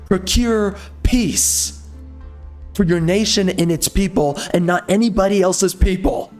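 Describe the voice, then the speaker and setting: A man's voice: fairly high pitch, a little slow, darkish tone, soft background music. A man hosting a gameplay video, ranting in an angry, sarcastic and mocking way. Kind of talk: ranting commentary over gameplay.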